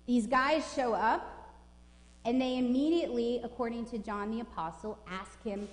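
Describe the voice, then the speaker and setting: A woman's voice: a little high, normal speed. Emphatic woman preaching in an echoing church. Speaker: pastor. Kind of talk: sermon. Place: church sanctuary. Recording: echoey church with long reverb.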